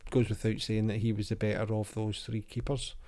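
A man hosts a relaxed football podcast, reading from an old magazine and quizzing his co-host. His voice is dark and mellow, with a chatty, easygoing delivery. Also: on the low side, fairly quick. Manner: chatty, reads quotes aloud with lively voices. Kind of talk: casual football chat.

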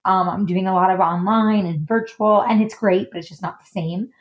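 A woman's voice: mid-range voice, steady tone, moderate pace. Chatty woman guest, dull lo-fi sound. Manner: chatty, frequent "like" and "um" fillers. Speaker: guest, stylist and designer. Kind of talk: casual podcast interview.

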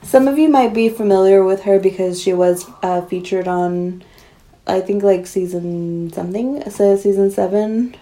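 A woman co-hosting a casual podcast, talking in a playful, joking way with quick laughs. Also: medium pitch, fairly even intonation, warm tone. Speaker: podcast co-host.

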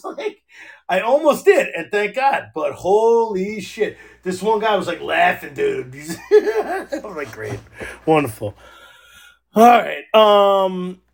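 A man's voice: sits high, gravelly. A man with a New Jersey accent hosting a podcast, telling rambling stories in casual chat, swearing constantly and laughing as he goes. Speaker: podcast host.

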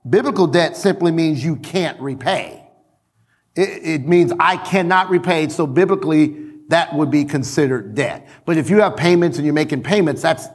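A middle-aged male pastor preaching a sermon in a church, animated, repeating phrases for emphasis and calling out to his congregation. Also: high-pitched. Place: church sanctuary.

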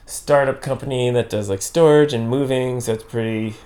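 A man in casual conversation, talking in a laid-back, halting way with lots of fillers. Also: medium pitch, a little mellow. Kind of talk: casual chat.

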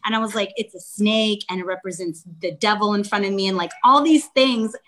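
A woman telling a story in casual chat, animated, acting out her own shouts. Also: mid-range voice, a little fast, a little hiss or hum. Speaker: guest author.

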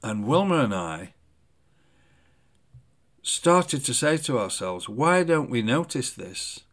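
A man, a poet hosting his own podcast, telling a travel story in an animated, enthusiastic way with many fillers. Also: mid-range voice, slow pace. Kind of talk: reflective storytelling.

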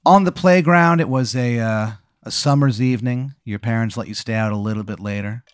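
Man, game master, mid pitch, rambling with fillers, dry close sound. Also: a little fast, smooth, no room sound. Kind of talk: improvised storytelling.

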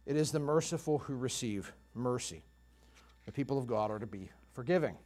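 A man's voice: medium pitch, expressive, a little fast, darkish tone. A man preaching a sermon in an earnest, emphatic way, pressing hard on his key points. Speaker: pastor.

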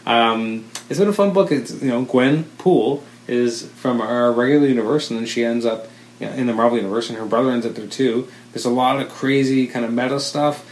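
A man's voice: mid-range voice, brisk, a little hiss or hum. A man co-hosting a casual chat, rambling and correcting himself with enthusiasm. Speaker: podcast co-host. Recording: roomy echo with faint ambience.

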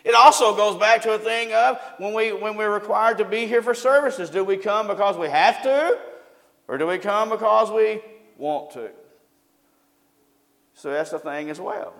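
A man's voice: high-pitched, normal speed, vocal fry, a bit bright. A man preaching a sermon in a folksy way, often asking his congregation questions. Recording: long hall reverb.

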